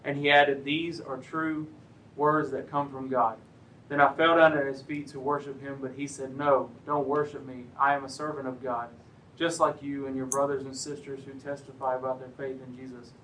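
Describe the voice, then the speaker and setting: A man's voice: medium pitch, flat delivery, moderate pace, slight background noise, low-quality recording. A man reading scripture aloud during a church service, putting emphasis on the proclaimed lines. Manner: emphatic, rising on the shouted lines. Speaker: scripture reader.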